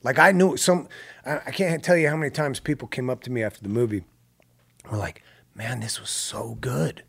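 Guy telling a story, animated, swears a lot, acts out quotes. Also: mid-range voice, brisk. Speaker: guest filmmaker. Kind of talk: casual storytelling.

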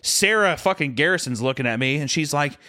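A man's voice: on the high side, animated, a little fast, bright, forceful tone, no echo, clean studio sound. A man co-hosting a casual podcast who is drunk, telling crude stories in a rambling way. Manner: crude, rambling storyteller who acts out characters. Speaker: podcast co-host. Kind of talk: casual chat.

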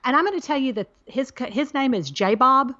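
A woman's voice: sits high, animated, moderate pace, bright, forceful tone, highs cut off. A middle-aged woman co-hosting a podcast in casual chat, emphatic and fond of repeating herself for effect. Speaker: podcast co-host.

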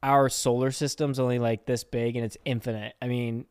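A man's voice: medium pitch, little pitch movement, fairly quick, darkish tone, clean tone, no room sound. Young man, podcast co-host, laid-back rambling chat, dry close sound. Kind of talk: casual chat.

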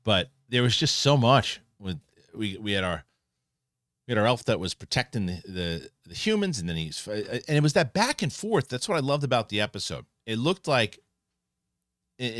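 A man hosting an online show, giving a casual spoken review of a TV episode, animated and full of restarts. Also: mid-range voice, no echo, studio quality. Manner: animated, restarts often, acts out characters in quick asides.

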